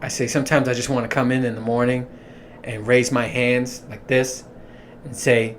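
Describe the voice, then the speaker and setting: A man rambling through a casual solo monologue, swearing freely and laughing at his own jokes. His voice sits at a middling pitch. A faint hiss runs under the recording. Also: flat delivery, normal speed. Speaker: podcast host.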